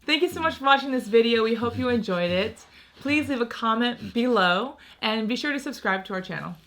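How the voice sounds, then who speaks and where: A woman's voice: on the high side, expressive, a little fast, a bit bright. An American woman in her thirties chatting casually on a vlog, laughing often between thoughts. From United States. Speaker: vlogger. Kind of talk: casual chat.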